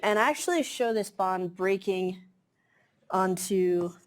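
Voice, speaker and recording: A woman's voice: medium pitch, slow, slight background noise. A woman giving a chemistry lecture in a classroom, explaining casually with many fillers. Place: lecture hall.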